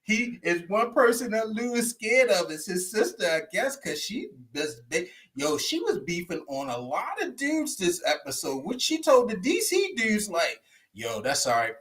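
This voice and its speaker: A man co-hosting a podcast, excitedly joking through a TV recap in casual chat and quoting the characters. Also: sits high, normal speed. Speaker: podcast co-host.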